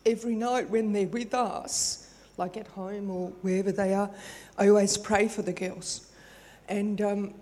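An older woman gives a church testimony in a middle-pitched voice, rambling and halting, with many fillers. Her voice carries the long reverb of a hall. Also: fairly even intonation, dark tone. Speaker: church member sharing a testimony.

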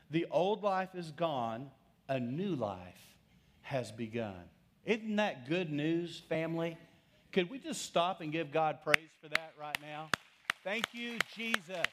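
A middle-aged man preaching a sermon as pastor, conversational, swinging from loud emphasis to hushed, slowed lines. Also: fairly high pitch.

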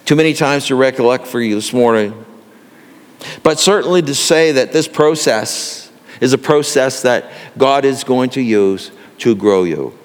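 A man's voice: mid-range voice, measured pace, long reverb tail. A male pastor delivering an earnest sermon that builds in intensity.

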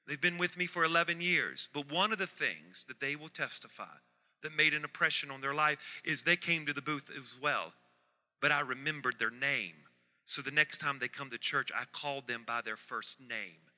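A man preaching a sermon as pastor, swinging from soft asides to loud emphatic repetition. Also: on the high side, normal speed. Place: church sanctuary. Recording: reverberant church hall.

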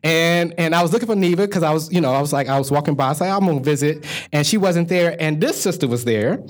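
A man's voice: on the high side, fast talker. Jokey man hosting a live podcast. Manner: joking, laughs often, stumbles over words. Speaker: podcast host. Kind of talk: casual live podcast chat. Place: bookstore.

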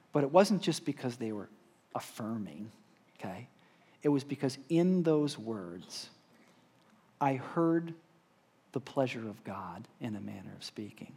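Male pastor, husky tone, expressive preaching with dramatic volume swings. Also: mid-range voice. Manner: animated storyteller, shouting the story's lines, dropping to a hush. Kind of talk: sermon with storytelling and prayer. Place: church hall.

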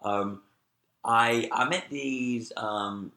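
Animated London man telling a story. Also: medium pitch, extremely slow. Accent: London English. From London, England. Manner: animated, chatty, frequent "like" and "right?". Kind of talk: casual anecdotal storytelling. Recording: roomy echo.

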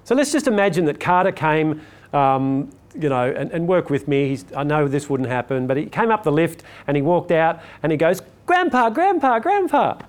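Older male speaking coach, somewhat high voice, chatty storyteller addressing a crowd. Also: moderate pace, clean tone. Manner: chatty, storytelling, asks the audience questions. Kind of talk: motivational talk to a live audience.

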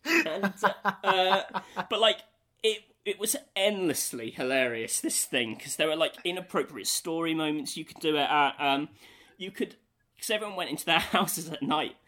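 Guy with a bright, fairly high voice, chatty and laughing a lot, lots of "like"s. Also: moderate pace. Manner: animated storytelling, laughs often, many fillers. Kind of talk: casual chat.

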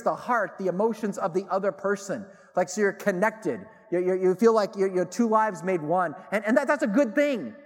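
A middle-aged man, a theologian, gives a public talk to a live audience, telling stories with animated delivery and emphatic repetition. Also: extremely high pitch. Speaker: theologian and speaker. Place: large hall with audience. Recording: long reverb in a large hall.

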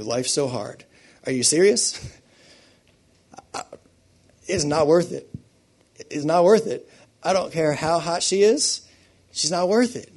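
A man preaching with a fairly high voice. He swings from loud, punchy emphasis to quiet, almost hushed asides, and laughs often between points. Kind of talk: sermon.

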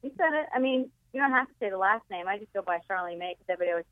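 A woman's voice: mid-range voice, animated, rapid-fire, a crowd in the background. A woman from the area, a comedian calling in as a guest, wisecracking and laughing at her own jokes. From Boston area, Massachusetts. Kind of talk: casual comedy chat. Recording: tinny phone line.

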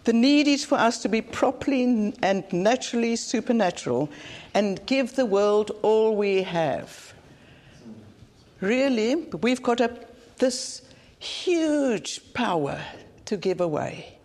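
A woman's voice: fairly high pitch, animated, slow pace, a little mellow. South African woman, conference preacher; earnest, blunt, repeats lines for emphasis. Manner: earnest, plain-spoken preaching with repetition. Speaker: conference speaker. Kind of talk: sermon.

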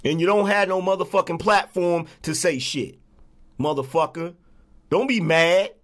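Man ranting angrily with a high voice. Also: moderate pace. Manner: profane, repetitive, confrontational ranting. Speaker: livestream host. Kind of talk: angry livestream rant.

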